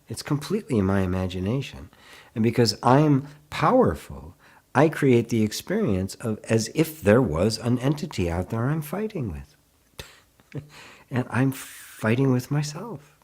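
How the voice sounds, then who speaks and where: Husky-voiced man giving gentle spiritual teaching. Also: medium pitch, big pitch swings. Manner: gentle, unhurried, laughs often between thoughts; answers viewer comments aloud. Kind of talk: live online satsang teaching.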